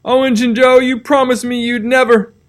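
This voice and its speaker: A man's voice: sits high, fairly even intonation, normal speed, clear, resonant tone, pitched above the performer's own voice, natural voice. A man reading a storybook aloud, voicing a frightened middle-aged town drunk who pleads tearfully that he is innocent. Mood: tearful pleading.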